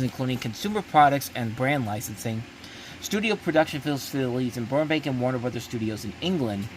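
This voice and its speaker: A man's voice: mid-range voice, a little hiss or hum. Sarcastic male host reading entertainment news. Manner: reads news aloud with sarcastic asides and frequent restarts. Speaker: show host. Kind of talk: casual news commentary.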